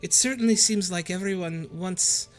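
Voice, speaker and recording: A man's voice: high voice, normal speed, faint music behind, pitched above the performer's own voice, close to an everyday voice. A man voicing a worried female lizardfolk tribal leader with a put-on Irish accent, hesitant and stammering.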